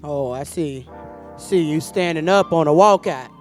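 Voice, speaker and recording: A man's voice: fairly high pitch, unhurried, soft background music. A man hosting a poetry slam, reading out scores and hyping the crowd in a loose, playful way. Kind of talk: live event hosting.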